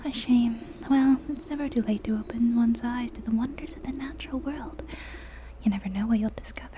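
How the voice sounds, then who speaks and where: A woman's voice: on the high side, a little fast, mellow, slight background noise, lightly acted. A woman voicing a fussy, distracted bird watcher who talks in a prim, pompous way in a whispered role-play.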